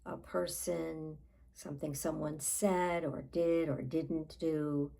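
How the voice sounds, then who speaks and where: A woman life coach guiding a tapping session, talking in a calm, unhurried way and pausing between phrases. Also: low voice, creaky, poor audio.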